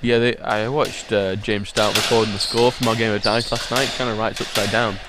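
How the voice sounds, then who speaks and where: British guy commentating squash, dry teasing humor, lowish voice, loud court noise. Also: flat delivery, brisk. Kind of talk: live sports commentary. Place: squash venue.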